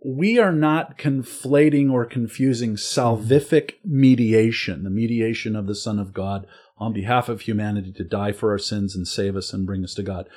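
A man's voice: lowish voice, moderate pace, hardly any pauses, a little mellow, breathy edge. Earnest man explaining theology. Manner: earnest, explanatory, emphatic at key points. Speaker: guest. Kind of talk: casual theological conversation.

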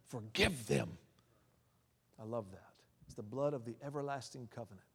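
A man preaching a sermon who swings between hushed asides and loud emphatic declarations, calling out hallelujah and amen between points. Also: mid-range voice, fast talker. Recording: long reverb of a large hall.

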